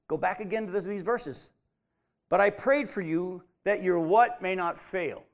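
Man, Bible study teacher, high voice, emphatic, asks questions, repeats points. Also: normal speed.

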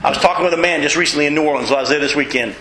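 Man, pastor, sermon, forceful bright voice, slightly high, folksy humor, roomy echo. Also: very fast. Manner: emphatic, jumps high in pitch to stress points; folksy, self-mocking humor.

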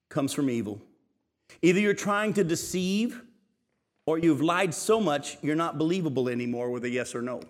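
A middle-aged man preaching a sermon as pastor, emphatic and building to loud peaks. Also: medium pitch. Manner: emphatic, rising to shouts in stories. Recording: long hall reverb.

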